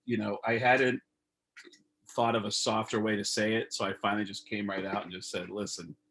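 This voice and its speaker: A man, a comedian guest on a video call, telling stories in a casual, animated way and acting out phone calls. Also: fairly low pitch, a little fast. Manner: animated storyteller, acts out phone calls in raised voices.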